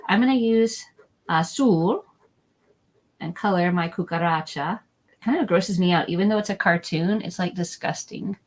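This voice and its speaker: Woman teacher, friendly online class for families; chatty, repeats words slowly. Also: mid-range voice, lively intonation, husky, rough recording. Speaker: Spanish teacher. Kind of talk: live online lesson for families. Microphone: document camera setup, desk mic.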